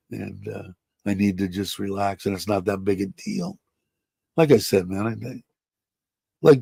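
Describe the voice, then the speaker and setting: A man's voice: on the low side, creaky, dark tone, dry recording. Blunt older man rambling on a livestream. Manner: rambling, blunt, profane, laughs often. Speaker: livestream host. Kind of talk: casual livestream chat. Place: home in Thailand.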